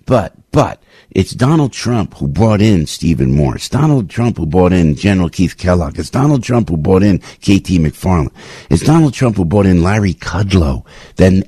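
A man hosting a talk radio show, with a husky, low-set voice. His pitch swings widely as he pushes his points with emphatic repetition. The sound is dry and close to the mic. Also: dark tone, no room sound. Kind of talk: political talk radio chat.

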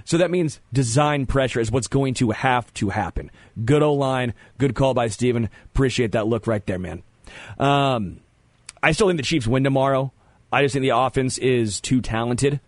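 Man, sports radio host, opinionated, stammering restarts, mid pitch, dry studio sound. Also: normal speed, no room sound. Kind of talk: sports talk radio banter.

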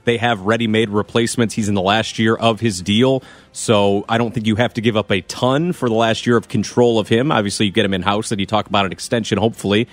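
A man's voice: lowish voice, fairly even intonation, quick pace, no echo. A man on a sports talk panel, talking in a confident, emphatic way.

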